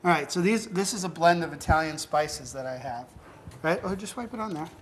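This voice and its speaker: A man's voice: on the high side, a little fast, slight background noise, poor audio. A man hosting a cooking show, giving upbeat, chatty step-by-step instructions with an encouraging, teasing manner. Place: show kitchen at the stove.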